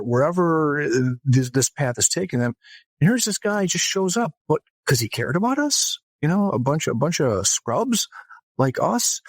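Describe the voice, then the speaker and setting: A man with a fairly high voice tells a story as an interview guest, lively and casual. He often restarts his sentences as he goes. The recording is dry and close. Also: no echo. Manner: animated anecdote-telling with frequent restarts. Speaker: guest author.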